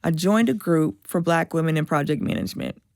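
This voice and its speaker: A woman speaks with a low, gravelly voice. She tells her personal story in an animated way and acts out the people she quotes. The sound is dry and close. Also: brisk, no echo. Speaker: podcast guest. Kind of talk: emotional personal testimony.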